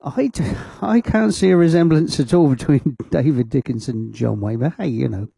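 A man's voice: medium pitch, normal speed, vocal fry, warm tone, husky, dry recording. A man presenting a radio show from a studio, chatting casually with rambling asides over a studio microphone.

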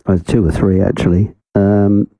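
A man's voice: on the low side, little pitch movement, normal speed, mellow, no echo, rough recording. A man hosting a radio show, chatting casually and rambling between records, amused by his own asides. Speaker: radio host.

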